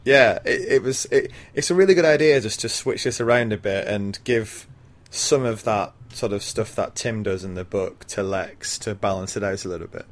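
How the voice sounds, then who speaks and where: A man's voice: lowish voice, moderate pace. A man casually recapping a film plot for a podcast, rambling with ums and little laughs. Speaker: podcast co-host.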